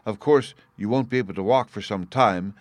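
A man voicing a kind, capable female cat in a storybook reading, speaking calmly and reassuringly. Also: fairly low pitch, moderate pace, no echo, close to an everyday voice. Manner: calm, reassuring.

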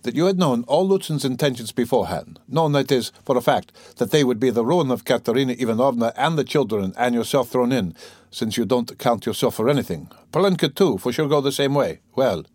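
A man's voice: mid-range voice, lively intonation, brisk, darkish tone, dry recording, natural voice. A man playing a brooding, irritable young man. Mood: tense. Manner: agitated, peevish, probing.

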